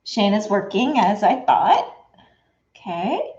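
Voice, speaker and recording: A woman's voice: medium pitch, big pitch swings, slow pace, a little mellow. A woman hosting a casual quilting livestream, chatty and laughing often as she greets viewers by name. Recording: echoey room, dull lo-fi sound.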